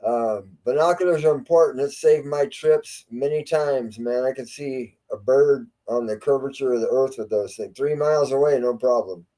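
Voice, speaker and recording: A man in his sixties, a boat captain, joins a casual fishing podcast. His voice is warm and mellow, and his manner is plain-spoken and folksy. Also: medium pitch, moderate pace, hardly any pauses. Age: 60s.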